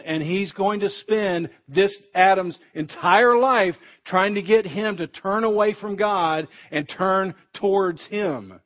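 Emphatic preacher with a higher voice. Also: male voice. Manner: emphatic, rising to fervent peaks. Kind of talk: sermon. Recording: dull lo-fi recording.

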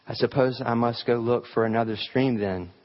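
A man's voice: mid-range voice, fairly even intonation, moderate pace, muffled recording, lightly acted. A man voicing a timid, thirsty little girl in a storybook reading, hesitant and pleading. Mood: worried.

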